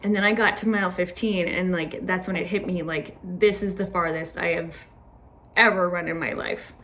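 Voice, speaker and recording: A woman's voice: lowish voice, steady tone, moderate pace, a bit bright, slight background noise. A young woman telling a casual personal story, chatty and full of "like" fillers, laughing often. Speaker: podcast host.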